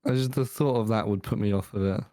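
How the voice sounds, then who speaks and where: A young man chats on a podcast in an easygoing, agreeable way. His voice sits low, and the recording is dry and close. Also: quick pace, warm tone, no room sound. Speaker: podcast co-host. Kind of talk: casual chat.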